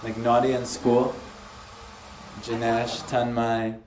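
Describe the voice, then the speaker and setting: A man giving a spiritual lecture on scripture to a small group, lively and asking his listeners questions. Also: mid-range voice, slow, a little hiss or hum. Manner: lively, asks the audience questions. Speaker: spiritual teacher. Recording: echoey room, faint ambience.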